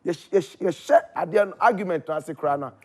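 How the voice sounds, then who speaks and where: A guest with a Ghanaian accent tells his story in casual chat, animated, his high voice jumping up when he gets excited. He speaks briskly.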